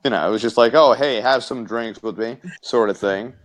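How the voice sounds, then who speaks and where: A man's voice: mid-range voice, a little fast. A man co-hosting a casual podcast, telling a crude story in rambling bits with stammers and swearing. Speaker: podcast co-host.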